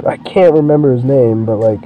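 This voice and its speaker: A young man giving profane, excitable commentary while playing a video game. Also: medium pitch, fairly quick, narrow, tinny audio, a little hiss or hum. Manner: profane, excitable, swears constantly. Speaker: gameplay streamer. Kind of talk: let's play commentary.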